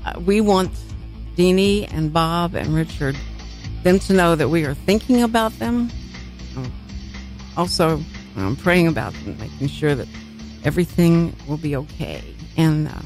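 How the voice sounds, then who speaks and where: A woman's voice: low voice, darkish tone. A woman hosting a radio talk show, chatting in a rambling way and laughing often. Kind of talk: casual chat. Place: radio studio. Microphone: studio microphone.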